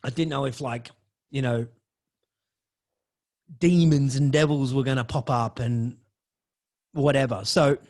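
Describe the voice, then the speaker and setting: A man, a podcast host telling a personal story in a dramatic way and swearing freely. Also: medium pitch.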